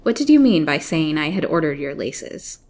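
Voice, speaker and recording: A woman voicing Mrs. Vance, a haughty, sharp-spoken rich widow, in a storybook reading. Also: deep voice, big pitch swings, normal speed, exaggerated voice. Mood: imperious. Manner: sharp, imperious.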